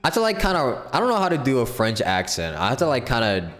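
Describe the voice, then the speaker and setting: A man's voice: mid-range voice, wildly swooping pitch, quick pace, fairly bright tone, in a large hall. A man streaming, voicing a game and chatting loosely with jokes and swearing. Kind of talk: casual commentary while voicing a game.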